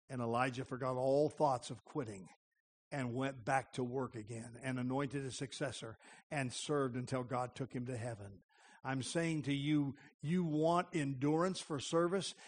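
A middle-aged man preaching a sermon, deliberate and emphatic, repeating phrases for weight. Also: a little high.

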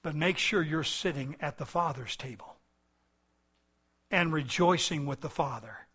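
A man preaching a sermon in an earnest style, swelling loud and then dropping soft. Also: on the high side, unhurried, husky. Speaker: pastor.

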